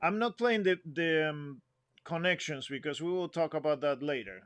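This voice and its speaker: A man's voice: a little high, moderate pace, music in the background. A man giving an instrument lesson, explaining phrasing patiently, humming example phrases and counting the group in. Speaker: music teacher.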